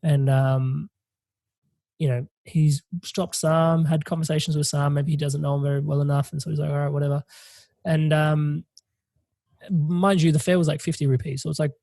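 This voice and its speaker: Animated man telling a story. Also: fairly high pitch, normal speed, gravelly, no room sound. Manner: animated, swearing, laughing through a story. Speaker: podcast host. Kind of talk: casual storytelling.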